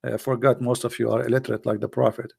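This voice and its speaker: A man's voice: medium pitch, level tone, fast, vocal fry, dark tone, slightly rough. A man hosting a livestream, talking casually and mockingly to his live chat and asking it rhetorical questions. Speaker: host of a livestream.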